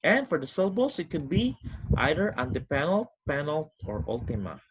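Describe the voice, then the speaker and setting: A man teaching a recorded online lesson, explaining step by step with quick recaps in an animated, sing-song way. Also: a little high, noisy background. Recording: dull lo-fi recording.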